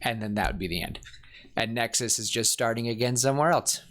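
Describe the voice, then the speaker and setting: A man co-hosting a podcast in casual chat, talking in an excited, rambling, gushing way. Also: mid-range voice, brisk. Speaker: podcast co-host.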